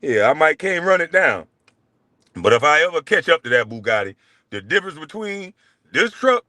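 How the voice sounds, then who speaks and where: A man's voice: very animated, a little fast, no echo. Brash, profane man ranting. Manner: profane, taunting, swings from loud jabs to low mutters. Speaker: show host. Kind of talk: heated solo rant.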